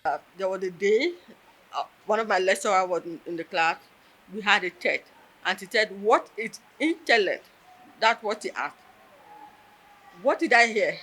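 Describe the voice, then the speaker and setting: A woman's voice: mid-range voice, moderate pace, long pauses, bright, forceful tone, rough recording. A woman telling a personal story in an interview, earnest and emotional, close to tears. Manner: earnest, emotional, tells with quoted dialogue.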